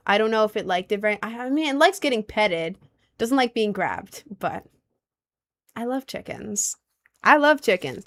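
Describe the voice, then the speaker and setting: Low-voiced, playful young woman streamer. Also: animated, moderate pace. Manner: playful and giggly, with sudden squeaky bursts. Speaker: livestreamer. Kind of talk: casual livestream chat, reading comments aloud.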